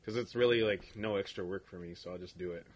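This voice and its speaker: A man's voice: low-pitched, quick pace. A young man, still a student, chatting casually on a podcast in a laid-back, rambling way full of fillers. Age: young adult. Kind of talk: casual chat.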